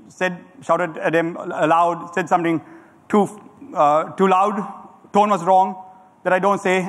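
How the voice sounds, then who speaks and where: A middle-aged man preaching a sermon as a pastor, animated and calling on the congregation to answer back. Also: high-pitched. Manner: animated preaching with audience call-and-response. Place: church hall. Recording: church hall with long reverb.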